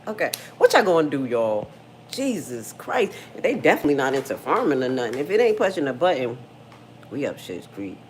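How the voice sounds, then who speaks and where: A woman's voice: rumbling low, big pitch swings, fast, slight background noise. A middle-aged woman hosting a casual livestream, frank and slangy, talking straight to her viewers and reading their comments. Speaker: livestream host.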